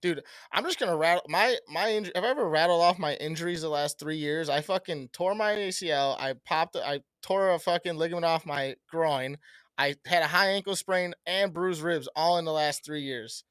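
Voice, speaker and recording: A young man co-hosting a podcast, joking and swearing in an animated, casual chat. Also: fairly high pitch, moderate pace, no echo, clean studio sound. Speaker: podcast co-host.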